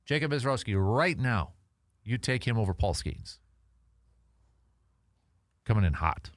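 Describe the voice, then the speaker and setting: A man hosting a casual sports radio show, animated and halting with fillers and restarts. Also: lowish voice, no echo, studio quality. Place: radio studio.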